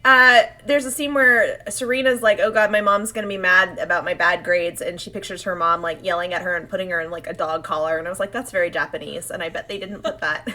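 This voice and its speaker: Female co-host with a bright voice, chatty and animated, acting out quotes while recapping. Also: fairly low pitch. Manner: animated, acts out characters' lines in quick quotes. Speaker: podcast co-host. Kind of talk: casual chat recapping an episode.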